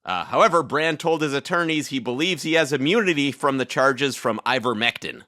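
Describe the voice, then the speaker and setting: A man co-hosting a comedy podcast, reading topical joke headlines and riffing with quick wordplay. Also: mid-range voice, expressive, sharp tone. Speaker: podcast co-host.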